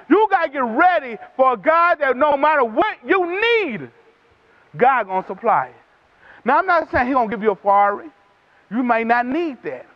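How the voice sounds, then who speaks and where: A male preacher with a very high voice, driving his sermon through repeated phrases that build in rhythm. His calls grow emphatic. The recording is dull and lo-fi.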